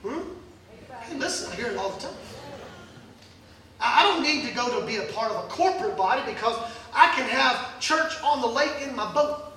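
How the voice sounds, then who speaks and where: A man's voice: very high voice, expressive, normal speed, pauses often, pushed and bright, very echoey, far from the mic, slight background noise, low-quality recording. A male pastor preaching a sermon in a church, folksy and joking, acting out Bible scenes. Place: church sanctuary.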